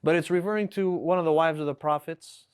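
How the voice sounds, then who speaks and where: Male teacher, higher register, patient classroom explainer who keeps checking in with "right?". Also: brisk, clear, resonant tone. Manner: explains patiently, checks with "right?", reads Arabic examples aloud. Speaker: Arabic teacher. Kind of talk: classroom lesson. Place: classroom with students.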